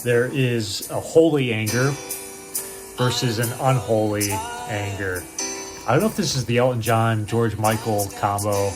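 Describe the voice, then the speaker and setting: Joking priest co-hosting a podcast. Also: male voice, lowish voice. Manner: joking, teasing, interrupts with quick asides. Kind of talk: casual chat. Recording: faint music playing behind.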